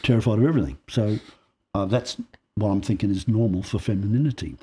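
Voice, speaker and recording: Fast and husky, this Australian man's voice is on the low side. As a podcast guest, he tells personal stories conversationally and acts out the dialogue with an animated storyteller's flair.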